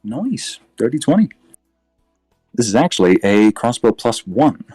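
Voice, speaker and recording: A man narrating as game master in a tabletop game, relaxed, with frequent fillers and self-corrections. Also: lowish voice, moderate pace, slightly rough, dry recording, soft background music.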